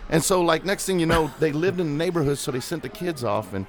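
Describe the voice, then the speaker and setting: A man's voice: fairly high pitch, fast talker, hardly any pauses. A man hosting a podcast, telling rambling stories in casual chat. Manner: rambling storyteller, animated. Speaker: podcast host.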